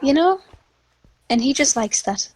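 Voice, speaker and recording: A woman's voice: sits high, animated, a little slow, darkish tone. A woman chatting playfully with a friend during a video game, often giggling. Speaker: friend playing along on the stream. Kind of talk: casual gameplay chat.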